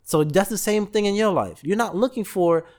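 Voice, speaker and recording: Male podcast host, slightly high voice, animated storyteller who does the voices. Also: normal speed. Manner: animated storytelling, acts out voices in quotes, laughs often. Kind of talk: casual motivational talk.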